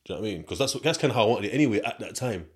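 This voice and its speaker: A young British man hosts a podcast, telling a rambling story in street slang at a very fast clip. His voice sits on the lower side and is expressive, and his delivery is chatty and meandering, with asides thrown to listeners in this casual storytelling monologue.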